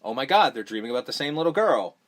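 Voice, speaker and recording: A man's voice: mid-range voice, sing-song, quick pace. A young man hosting a podcast, recapping a movie in a rambling, profane, offhand way. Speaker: podcast host. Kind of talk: casual movie recap chat.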